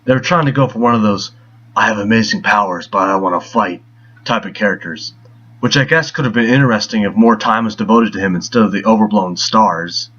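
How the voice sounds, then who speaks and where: A man's voice: on the low side, fairly quick, fairly bright tone, husky. A man reading a scripted film review in a sarcastic, mocking tone. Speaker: movie reviewer. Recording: dull lo-fi voice.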